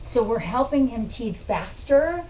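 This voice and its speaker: A woman dog trainer talks a client through a hands-on lesson with patient, plain explanations, breaking off now and then to coo praise. Her voice is mellow and soft-edged. She sits some distance from the mic, with faint ambience behind her. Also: fairly high pitch, big pitch swings, unhurried, slight background noise.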